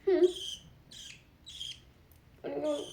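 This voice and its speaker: A woman on a casual pet vlog, talking in cooing baby talk to her bird. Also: extremely slow. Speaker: vlogger. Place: home with pet birds. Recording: echoey room, mic at a distance, loud noise. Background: budgie chirps.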